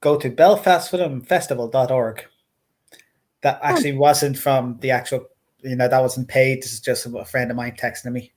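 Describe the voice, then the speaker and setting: An Irish man cracks wry jokes while co-hosting a relaxed game stream. He has an average male pitch and an easygoing, chatty delivery. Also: moderate pace. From Ireland. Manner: joking, wry asides. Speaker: co-host. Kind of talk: casual game-stream chat.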